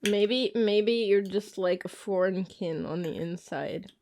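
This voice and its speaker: A woman's voice: medium pitch, takes it slowly, warm tone. A woman from Austria, co-hosting a casual movie commentary, chatty and sardonic, full of "like" fillers. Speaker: podcast co-host.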